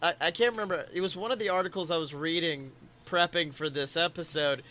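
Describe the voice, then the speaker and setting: A young man co-hosting a casual podcast, telling excited stories and acting out quotes. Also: fairly high pitch, fairly quick. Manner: excitable storytelling, acts out quotes. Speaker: podcast co-host. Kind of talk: casual chat.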